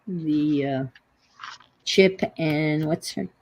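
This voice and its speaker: Low, gravelly-voiced woman with a New York accent; rambling host of a craft stream who chats while she works. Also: extremely slow, noisy background. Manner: rambling, trails off and searches for words. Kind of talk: casual crafting chat.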